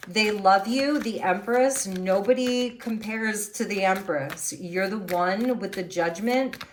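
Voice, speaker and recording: A woman's voice: mid-range voice, slow pace, a little hiss or hum. A woman doing a tarot reading, musing and thinking aloud as she turns over the cards. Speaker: tarot reader.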